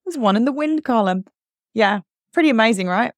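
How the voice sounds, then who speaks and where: A woman's voice: fairly high pitch, lively intonation, brisk, no room sound. A woman hosting a podcast in casual chat, getting emotional and choked up as she talks. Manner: emotional, choking up while reading aloud. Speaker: podcast host.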